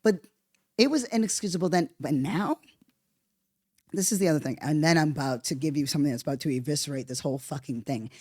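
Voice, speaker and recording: A woman hosting a podcast, giving heated political commentary, swearing a lot and sarcastic, at times jumping into high, mocking outbursts. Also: quick pace, mellow, dry recording, clean studio sound. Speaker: podcast host.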